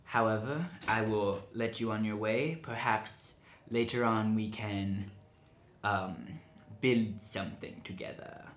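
A man voicing a sinister male dragonborn advisor in whispered role-play, low and sly. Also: fairly even intonation, takes it slowly, a little hiss or hum. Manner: whispery, sounds evil. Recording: roomy echo.

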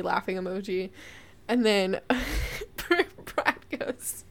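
A woman's voice: medium pitch, slow. A young woman in casual chat, amused and laughing as she tells stories.

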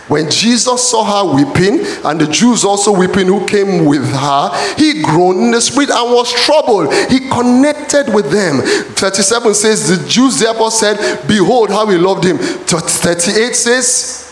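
A man preaching a sermon in a church, often shouting calls to the congregation. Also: high-pitched, a little hiss or hum. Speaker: pastor. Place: church hall. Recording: echoey church hall.

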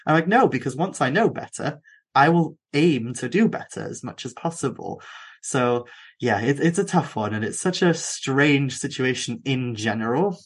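A young man with a Welsh accent, hosting a podcast and chatting casually, with quick asides and frequent restarts. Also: medium pitch, lively intonation, breathy edge. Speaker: podcast host. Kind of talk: casual conversation.

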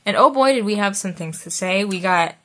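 A woman's voice: mid-range voice, lively intonation, a little fast, pushed and bright. A woman hosting a podcast in casual chat, talking in a loose, rambling, friendly way. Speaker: podcast host.

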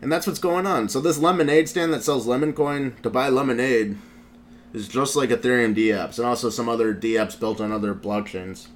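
A man's voice: medium pitch, a little fast, slight background noise. A male show host in casual commentary, recapping a video in a rambling way with lots of filler words. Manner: rambling, heavy use of "like" fillers.

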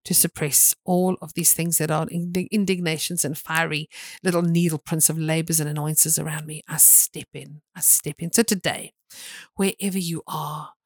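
A woman's voice: low voice, steady tone, normal speed, dry recording. A woman preaching a sermon, emphatic and repetitive, with sudden dramatic bursts.

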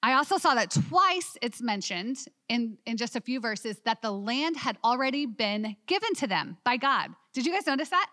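Woman, Bible study teacher, fairly high voice, dry close sound, animated, questions the class. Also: normal speed, few pauses, dry recording.

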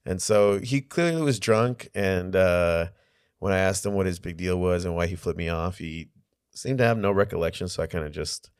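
Deep-voiced dude chatting on a podcast, laid back, lots of uh and like, dry close mic. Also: male voice, normal speed, clean tone, no echo. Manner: laid-back, swears, many fillers. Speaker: podcast co-host. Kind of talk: casual storytelling chat.

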